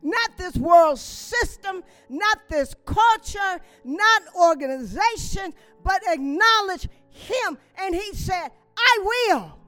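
A woman's voice: very high-pitched, lively intonation, slow, hardly any pauses, fairly bright tone, faint music behind. A woman preaching a sermon with emphatic repetition, stressing key words and adding frequent amens and hallelujahs.

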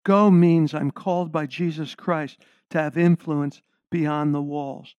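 A man's voice: on the high side, fairly even intonation, slow, a little mellow, smooth, no room sound. A middle-aged man preaching a sermon, stressing key words and putting questions to the congregation. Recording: slightly dull lo-fi sound.

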